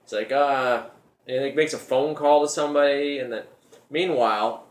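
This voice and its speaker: A man's voice: mid-range voice, normal speed. Guy rambling through his own story, repeats himself a lot, middle voice, roomy echo. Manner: rambling, repeats words while telling the story. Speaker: show host telling a personal story. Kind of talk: casual storytelling monologue.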